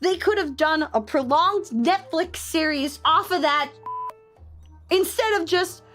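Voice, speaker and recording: A young woman with a high, bright voice chats casually as a streamer, slipping into animated, over-the-top rants. She talks into a desk mic. Soft music plays faintly behind her. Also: takes it slowly. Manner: animated, exaggerated ranting. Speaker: VTuber streamer. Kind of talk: casual chat with live chat.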